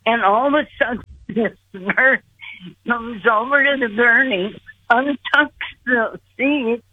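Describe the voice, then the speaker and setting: An older woman guest telling a personal story slowly and earnestly over the phone. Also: a little high, husky, no echo. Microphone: telephone. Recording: tinny phone line.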